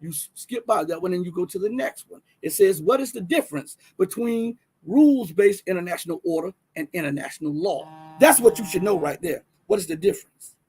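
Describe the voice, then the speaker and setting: A Southern man hosts a casual livestream, talking to his viewers as he reads from the screen. His voice sits high and sounds husky, and he pushes his points with plenty of restarts. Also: fairly quick. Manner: animated, talks to viewers directly, many restarts and fillers. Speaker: livestream host.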